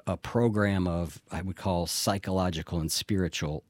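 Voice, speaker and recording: A man's voice: low voice, steady tone, normal speed, darkish tone, no room sound. A middle-aged man speaking candidly in an interview, reflective and earnest, with the odd restart. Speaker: interview guest in addiction recovery.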